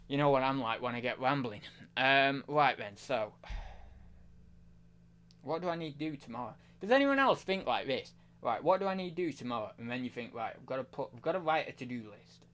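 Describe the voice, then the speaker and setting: A man's voice: mid-range voice, fairly bright tone. A man chatting casually on a live stream, rambling, self-mocking and talking to his chat.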